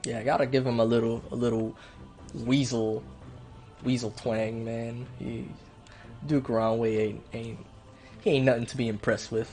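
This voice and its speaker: A laid-back man comments casually on the game he is playing, tossing off jokes along the way. His voice sits at a middling pitch. Game music plays faintly underneath. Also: flat delivery, normal speed, darkish tone. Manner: laid-back, joking asides. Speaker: let's play host.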